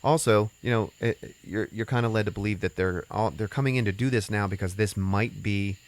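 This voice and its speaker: A man's voice: lowish voice, steady tone, brisk. A man hosting a podcast, casually recapping a movie plot in a rambling way, full of "you know" and "uh" and loose swearing. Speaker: podcast host.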